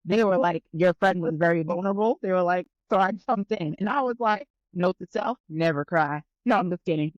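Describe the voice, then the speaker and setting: A woman guest on a podcast telling a story in casual chat, animated and profane, acting out both sides of the conversation. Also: on the low side, brisk, few pauses, dry recording, lo-fi sound.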